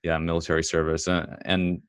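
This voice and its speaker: A man talking casually about a movie in a measured, thoughtful way, pausing with fillers as he searches for words. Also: sits low, completely flat delivery, clean tone, no echo, clean studio sound. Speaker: co-host discussing a film. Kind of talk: casual film discussion.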